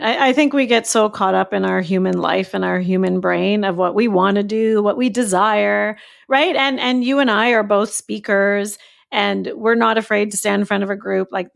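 A woman coach talking as a podcast guest, animated and acting out her own inner thoughts in quotes. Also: medium pitch, normal speed, vocal fry. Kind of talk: casual podcast conversation.

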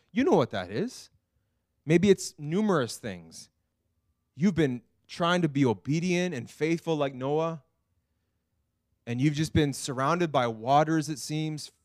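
A man preaching a sermon as pastor, earnest, dropping to a hush and rising to loud pleading. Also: on the high side, dry recording, clean studio sound. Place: church.

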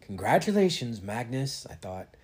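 A man reads a novel aloud at home in a relaxed, unhurried way. His voice is somewhat husky at middle pitch. He gives the characters a light touch of voice without turning it into a performance. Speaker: reader. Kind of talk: casual read-aloud of a novel.

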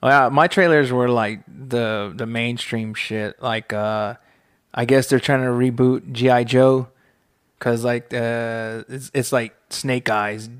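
A young man in halting, rambling casual chat, searching for words. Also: mid-range voice, steady tone, clean tone, no echo, clean studio sound.

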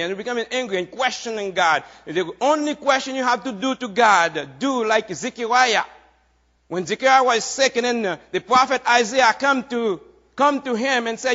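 A man preaching a sermon, repeating key phrases in a steady preaching cadence. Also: very high-pitched, normal speed. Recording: dull lo-fi recording.

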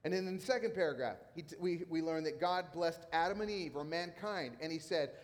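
A middle-aged pastor with a fairly high voice preaches at a fairly quick clip, his sermon casual and conversational, driven by emphatic repetition. A long hall reverb surrounds the recording.

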